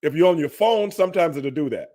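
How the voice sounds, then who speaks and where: A relaxed man from Texas hosting a loose interview chat. He keeps tossing "man" and "you know what I'm saying" into his talk, and his voice sits a touch higher than most men's. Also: quick pace. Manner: laid-back, peppers talk with "man". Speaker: podcast host.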